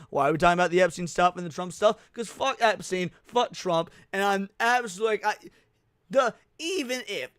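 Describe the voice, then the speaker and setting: A man's voice: high-pitched, clean tone, dry recording, clean studio sound. A man hosting a live reaction stream, ranting heatedly with lots of swearing. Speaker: livestream host.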